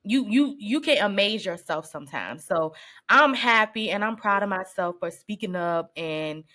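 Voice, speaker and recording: Bright-voiced teary woman co-host. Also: mid-range voice, animated, moderate pace. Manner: emotional, tearing up, casual slang. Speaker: podcast co-host. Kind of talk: casual chat.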